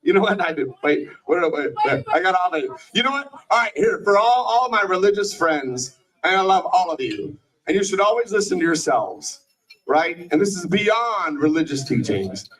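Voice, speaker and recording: A man's voice: high-pitched, big pitch swings, normal speed, a bit bright, far from the mic, low-quality recording. A middle-aged man doing a rambling, profane stand-up set in a small bar, often stopping himself mid-thought. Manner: rambling, profane, self-interrupting. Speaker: stand-up comedian and show host.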